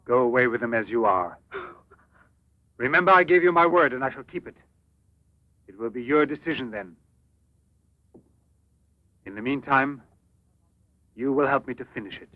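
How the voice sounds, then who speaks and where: A man's voice: medium pitch, dry recording, natural voice. An actor playing a possessive male scientist in a dubbed 1950s film, speaking intensely, pleading one moment and commanding the next. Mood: bitter. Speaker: professor. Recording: dull lo-fi old film soundtrack.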